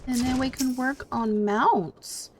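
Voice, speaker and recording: A woman's voice: high-pitched, takes it slowly, a little mellow, slight background noise. Giggly woman streamer chatting through a game. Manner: giggly, stumbles over words. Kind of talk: casual gameplay commentary, reading dialogue aloud.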